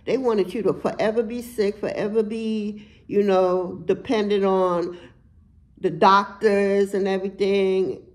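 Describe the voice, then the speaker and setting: A woman's voice: mid-range voice, fairly even intonation, measured pace, a little mellow, poor audio. Blunt, profane woman doing a tarot reading. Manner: blunt, profane, emphatic street talk. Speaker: tarot reader.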